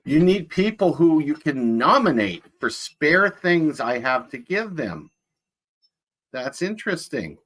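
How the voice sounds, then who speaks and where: A man playing Santa Claus, chatting to children in a rambling, folksy way with a husky voice. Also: a little high, sing-song, takes it slowly, fairly bright tone, heavily acted. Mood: jolly. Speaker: Santa performer greeting children. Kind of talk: casual in-character chat.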